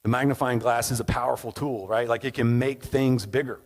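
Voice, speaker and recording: A man's voice: medium pitch, steady tone, a little fast, poor audio. A man preaching a sermon in a conversational, storytelling way, often checking in with "right?". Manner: conversational, tag questions, storytelling.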